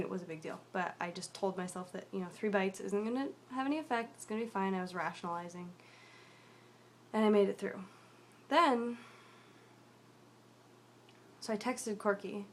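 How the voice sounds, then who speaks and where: A young woman telling a personal story in a video diary, rambling and confessional with many fillers, often dropping to a quiet mutter. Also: mid-range voice, a little hiss or hum.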